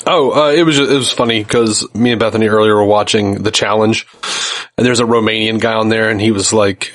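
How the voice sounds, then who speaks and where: A man co-hosting a podcast in casual chat, cracking jokes and telling quick stories. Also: fairly low pitch. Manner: joking, animated storyteller. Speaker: podcast co-host.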